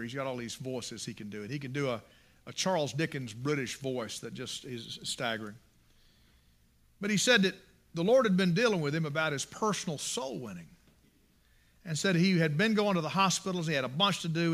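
A man's voice: fairly high pitch, pushed and bright. A man preaching a sermon, impassioned and emphatic, repeating his phrases for emphasis.

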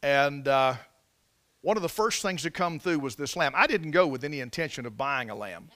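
A man's voice: on the high side, animated, normal speed, a bit bright, slight background noise. A man preaching a sermon, telling folksy stories with repeated and restarted phrases and building to emphatic peaks on scripture. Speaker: pastor.

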